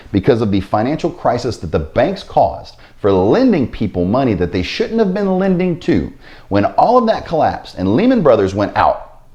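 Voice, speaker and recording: A man's voice: medium pitch, darkish tone. A man hosting his own investing vlog, talking casually to camera with sarcastic asides and a habit of repeating stock phrases. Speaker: finance vlogger.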